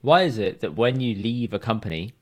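A man's voice: fairly low pitch, lively intonation, a little fast. A man co-hosting a casual podcast, joking and swearing playfully. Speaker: podcast co-host. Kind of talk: casual chat.

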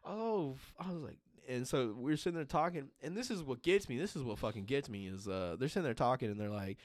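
A man's voice: mid-range voice, quick pace, dry recording, clean studio sound. A young man chatting casually on a podcast, rambling through profane stories with lots of fillers. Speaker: podcast co-host. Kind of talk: casual chat.

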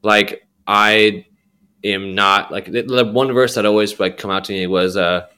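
A man's voice: fairly low pitch, fairly even intonation, unhurried, pushed and bright, clean tone. A young adult man sharing his faith story as a podcast guest, rambling with slang and many fillers. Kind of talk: candid personal testimony.

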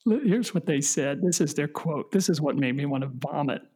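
Husky wry middle-aged podcast host. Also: male voice, a little high, a little mellow. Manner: halting, self-correcting, wry. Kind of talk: casual podcast chat.

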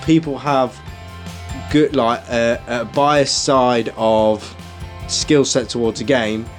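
A man's voice: mid-range voice, steady tone, takes it slowly, faint music behind. A man co-hosting a comedy podcast, reading out a plan and then bantering and swearing with his friends. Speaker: podcast co-host. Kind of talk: casual comedic chat.

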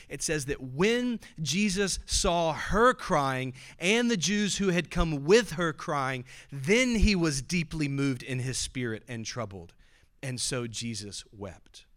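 A man preaching a sermon with earnest delivery. He slows down to stress key phrases and goes soft and quiet on solemn words. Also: a little high. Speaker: pastor.

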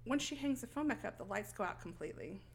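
A woman podcast host casually recapping a film, telling the story in an animated, profane way. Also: medium pitch, fast, a little hiss or hum. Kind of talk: casual chat.

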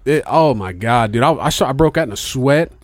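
A man's voice: mid-range voice, fairly quick, dry recording. Man, casual podcast chat, profane, rambling, dry close mic. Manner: profane, rambling, animated storyteller. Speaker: podcast co-host.

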